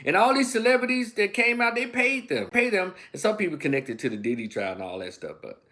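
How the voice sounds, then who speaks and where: A man's voice: high-pitched, expressive, a little fast, pushed and bright. A man hosting a livestream commentary monologue, preaching emphatically and firing off rhetorical questions. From Memphis, USA. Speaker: online political commentator.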